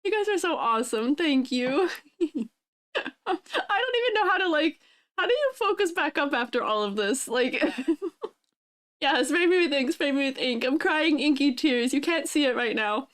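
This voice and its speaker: Very high-voiced woman crying happy tears. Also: lively intonation, normal speed, a bit bright. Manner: laughing through happy tears, thanking viewers. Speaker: streamer. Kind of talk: casual live-stream chat.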